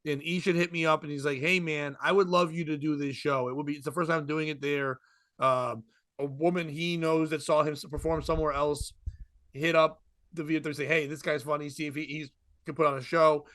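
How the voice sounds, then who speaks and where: Man, comedian, rambling casual storytelling, bright tense tone, fairly high voice, dry close sound. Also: dry recording. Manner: rambling, animated, quick asides and laughs. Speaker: podcast co-host, comedian.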